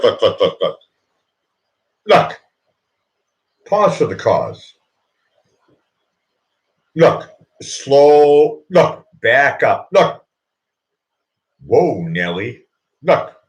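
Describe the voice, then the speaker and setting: A man hosts his own live show in a meandering comic monologue, stumbling over restarts and coming back again and again to the same filler word. He talks at an unhurried, drawn-out pace, and his pitch swings up and down a lot. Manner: rambling, keeps repeating "look", stops and restarts.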